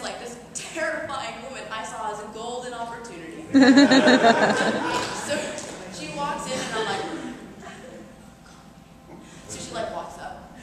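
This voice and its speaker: A woman comic rambles through a story, leaning on "like" over and over, her voice sitting a little high. With no mic she is heard from far back in a hall with a long, ringing echo, and a noisy room hums behind her. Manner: rambling anecdotal storytelling, full of "like". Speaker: stand-up comedian. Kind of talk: stand-up comedy set. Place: performance hall with an audience. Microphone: no microphone, projecting her voice.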